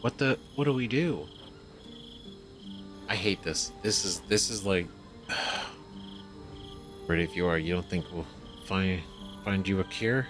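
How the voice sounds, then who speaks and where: A man's voice: low-pitched, takes it slowly, pauses often. A man giving rambling, emphatic, casual commentary on a game he is playing. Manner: rambling, emphatic, swearing, restarts. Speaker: let's-play host. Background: game music.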